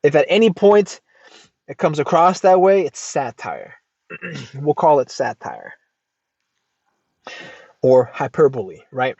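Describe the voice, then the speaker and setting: An American man hosting a casual advice podcast, reacting to a post in an emphatic, lively way and swearing freely. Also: on the high side, slow pace, creaky, long pauses, slightly rough, no room sound. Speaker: podcast host. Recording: dull lo-fi dry sound.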